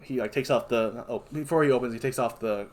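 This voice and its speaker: A man's voice: mid-range voice, quick pace. A man with a Kentucky accent, a podcast co-host, retelling a film in loose casual chat with fillers and self-corrections.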